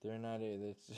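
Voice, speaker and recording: A man's voice: medium pitch, darkish tone, slight background noise. A man chatting casually while cooking at home, rambling and self-deprecating, swearing now and then. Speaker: home cook vlogger. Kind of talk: casual kitchen chat.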